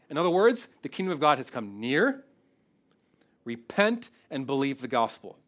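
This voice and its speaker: A man's voice: on the high side, big pitch swings, moderate pace, fairly bright tone. A man preaching a sermon, earnest and conversational, often restarting his phrases and growing emotional. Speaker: pastor.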